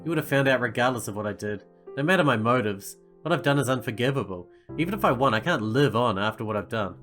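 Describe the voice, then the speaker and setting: A man reading the lines of a remorseful teenage girl who has committed murder, in a quiet, resigned tone. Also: medium pitch, expressive, quick pace, soft background music, natural voice.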